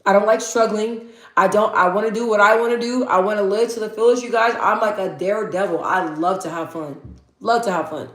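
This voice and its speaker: A woman's voice: mid-range voice, a little fast, roomy sound. A woman hosting a casual livestream, talking candidly and rambling, swearing freely and reading out viewer comments. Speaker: livestream host.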